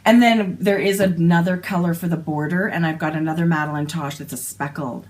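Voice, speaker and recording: A woman with a Canadian accent chats about knitting with a sister. She has a lower pitch than most women and gushes with enthusiasm. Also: fairly even intonation, brisk, a little mellow. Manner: gushing, enthusiastic. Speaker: podcast co-host. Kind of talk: casual knitting chat.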